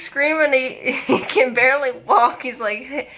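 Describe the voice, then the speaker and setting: A young woman chiming in on her grandfather's vlog, giggly and quick to add corrections. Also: high voice, bright, forceful tone. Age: young adult. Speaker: granddaughter of the host. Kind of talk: casual chat.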